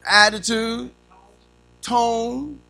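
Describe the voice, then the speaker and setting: A man's voice: very high voice, drawn-out words, gravelly. A man in his fifties preaching a sermon, telling funny stories and acting out the voices in them. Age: 50s. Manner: animated storytelling, acting out quotes; humorous.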